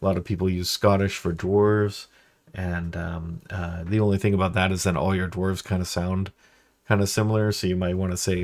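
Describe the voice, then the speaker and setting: A man's voice: low-pitched, fairly even intonation, a little fast, darkish tone. A man chatting casually as a game master host, easygoing and meandering. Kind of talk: casual instructional chat.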